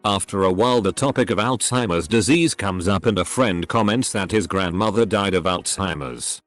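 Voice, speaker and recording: A man reading short stories aloud in a steady, scripted narration style. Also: deep voice, normal speed, soft background music.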